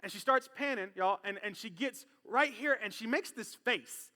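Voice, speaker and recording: A man's voice: high-pitched, moderate pace. A man preaching a sermon in a church, telling a personal story and acting out the voices in it. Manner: animated, acts out voices in his story. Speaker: pastor. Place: church sanctuary. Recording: long hall reverb in church.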